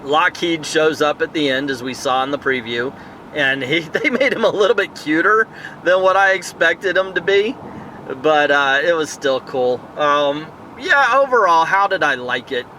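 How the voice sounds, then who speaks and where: A man's voice: on the high side, animated, normal speed, sharp tone, a little hiss or hum. A man giving a casual, rambling movie review outdoors at night, thinking aloud with many fillers and tangents. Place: outdoors in a town area at night.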